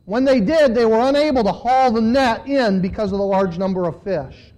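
A man's voice: sits high, moderate pace, rough recording. A man preaching a sermon, reading a Bible passage aloud and stopping to comment on it, his voice lifting with emphasis as he reads. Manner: reads scripture with rising, animated emphasis.

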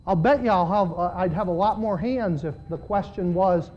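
Guy preaching a sermon, fired up then quiet, kinda muffled lo-fi recording. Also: sits high, normal speed. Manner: impassioned, swings between loud pleading and quiet asides. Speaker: pastor.

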